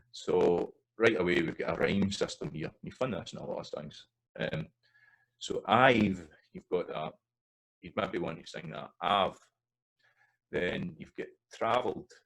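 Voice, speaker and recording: Low gravelly Scottish man teaching. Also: poor audio. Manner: thoughtful, halting explanation with many restarts and fillers. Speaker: language teacher. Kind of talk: educational explanation with sung and recited examples.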